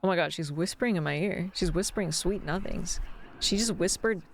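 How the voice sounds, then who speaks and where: A woman's voice: fairly low pitch, a little fast, faint music behind. A woman streamer giving playful, giggly let's play commentary with jokey asides. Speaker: game streamer.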